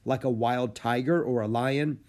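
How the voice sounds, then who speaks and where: A man's voice: mid-range voice, steady tone, normal speed, darkish tone, lightly acted. A man voicing a cautious but brave young boy in a storybook reading, sounding anxious and urgent.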